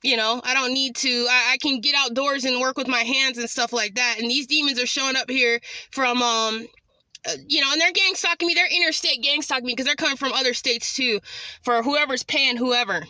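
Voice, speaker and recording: A woman's voice: high voice, steady tone, fairly quick, bright, forceful tone, no echo. A woman from California talking in a rambling, agitated way in a casual vlog update. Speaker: vlogger.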